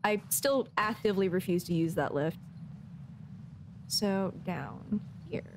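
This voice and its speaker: A woman's voice: mid-range voice, slow, slight background noise. A woman streamer giving casual, chatty commentary as she plays, talking to herself and giggling often. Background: game music.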